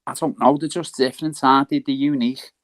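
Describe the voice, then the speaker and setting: A man's voice: mid-range voice, fairly even intonation, quick pace, no echo. A man, a guest in a casual chat, talking in a laid-back, plain way.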